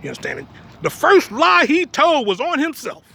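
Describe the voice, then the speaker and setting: Man, religious teacher; very high, bright gravelly voice, lively swings, blunt emphatic preaching. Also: normal speed. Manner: emphatic, repeats "you understand me?"; blunt, streetwise, jokes between points. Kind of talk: preaching talk.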